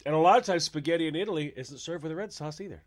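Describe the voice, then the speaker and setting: A man's voice: fairly high pitch, very fast. A man hosting a radio talk show in casual banter, joking, laughing at his own puns and stumbling over restarts.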